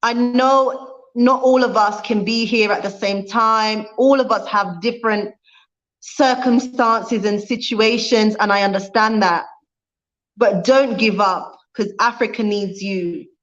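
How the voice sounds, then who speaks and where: A woman's voice: mid-range voice, fairly even intonation, unhurried. Fiery, impassioned woman on lo-fi audio. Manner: fiery, preaching, repeats points for emphasis; reads viewer comments aloud. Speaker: vlogger. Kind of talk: impassioned livestream talk.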